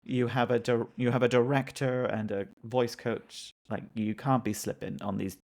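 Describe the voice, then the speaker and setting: A man's voice: mid-range voice, fairly even intonation, moderate pace, creaky, a little mellow. A man co-hosting a podcast in casual chat, blunt and opinionated, swearing for emphasis. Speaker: podcast co-host.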